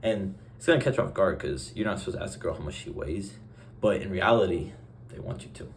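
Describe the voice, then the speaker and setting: A young man talks straight to camera in a loose, meandering vlog style. His voice sits very low and his delivery is offhand and deadpan. Now and then he slips into little acted-out exchanges, with a faint hum of background noise. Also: a little fast. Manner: acts out short dialogue exchanges. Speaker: vlogger. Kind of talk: casual vlog monologue.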